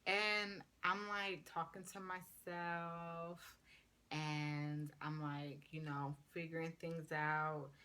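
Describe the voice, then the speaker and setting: Chatty woman with a bright, low voice. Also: slow. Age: 30s. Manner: chatty, animated retelling full of "like". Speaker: paramedic student. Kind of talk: casual storytime vlog.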